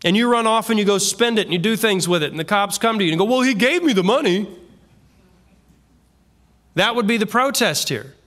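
A man's voice: high-pitched, fast, hardly any pauses, fairly bright tone. A man preaching an expository sermon in an earnest, conversational way, bringing in vivid everyday examples. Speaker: pastor.

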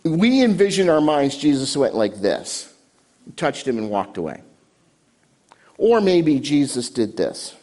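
Animated, lively-pitched male preacher. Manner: animated preaching with dramatic pauses and quiet emotional drops. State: choked up. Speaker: pastor. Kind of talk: sermon. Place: church stage.

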